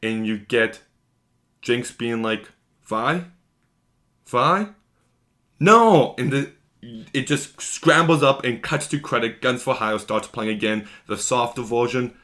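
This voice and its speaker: A man's voice: medium pitch, steady tone, unhurried, a bit bright. A man giving an enthusiastic, gushing episode recap as a video reviewer, talking in long run-on strings.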